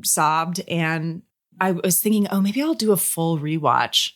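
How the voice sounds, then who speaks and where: Lowish and a little slow, this actress's voice comes through a podcast mic as she chats as an interview guest. She's gushing and talkative, often starting her sentences over and leaning on fillers.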